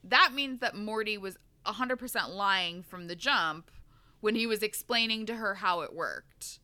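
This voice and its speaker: A woman's voice: mid-range voice, a little slow, pushed and bright. Giggly woman recapping a book. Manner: laughs often, reads quotes dramatically. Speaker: book podcast host. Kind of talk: casual chat recapping a book.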